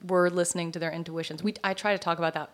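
A woman's voice: on the low side, steady tone, racing. A middle-aged woman, a podcast guest, talking casually and reflectively about trusting your intuition. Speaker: podcast guest, pilates studio owner.

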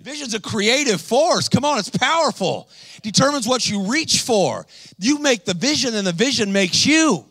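A man's voice: very high-pitched, animated, moderate pace, a bit bright, dry recording. A man preaching a sermon in church, punching his points with rhetorical questions and "come on" refrains. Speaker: guest preacher.

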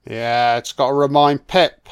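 A man giving a casual film commentary, reacting excitedly to the action and swearing freely. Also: medium pitch, unhurried, clean tone.

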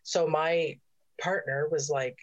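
A woman with a very low voice tells a story in a relaxed, unhurried way, pausing often as she goes. Her sound is dull and lo-fi. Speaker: corrections officer. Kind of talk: casual conversation.

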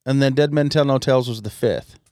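Matter-of-fact man, mid-pitched voice. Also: a little fast, darkish tone, no echo. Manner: matter-of-fact, lays out facts and retells events. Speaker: podcast co-host. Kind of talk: casual chat.

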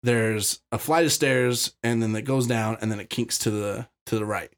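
A man's voice: fairly low pitch, fairly even intonation, normal speed. A man from Utah, a podcast guest, telling his story in casual, blunt talk full of profanity and restarts.

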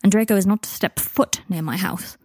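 A woman's voice: mid-range voice, brisk, a little mellow, breathy edge, no room sound, clean studio sound, close to an everyday voice. A woman voicing a stern, blunt older woman in a storybook reading. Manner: curt, blunt.

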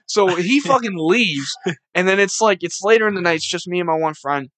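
Profane, animated young man telling stories. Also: high voice, a little fast, dry recording. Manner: profane, animated storytelling with acted-out quotes. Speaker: podcast host. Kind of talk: casual storytelling chat.

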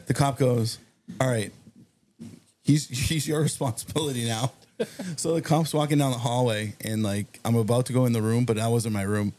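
A man telling a long, animated story on a podcast, acting out the other people in it. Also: mid-range voice, normal speed. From Massachusetts. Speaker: guest storyteller. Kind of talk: casual anecdote on a podcast.

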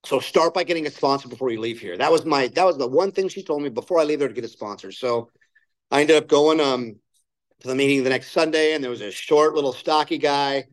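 A man's voice: mid-range voice, brisk, poor audio. A man sharing his personal recovery story at a meeting, candid and plain-spoken, acting out the voices of people he quotes. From Southern California. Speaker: main speaker at a recovery meeting. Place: meeting room.

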